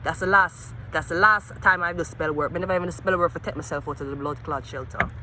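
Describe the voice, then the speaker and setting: A woman's voice: low voice, fast talker, bright, forceful tone, slight background noise. Cursing Jamaican woman reading tarot. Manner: profane, cursing, swings between ranting and muttering. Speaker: tarot reader.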